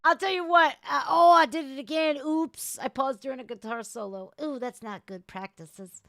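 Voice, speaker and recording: A woman hosting a casual livestream, chatting loudly and crudely with her viewers. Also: sits high, normal speed, music in the background. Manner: loud, bubbly, crude banter with viewers. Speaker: livestream host.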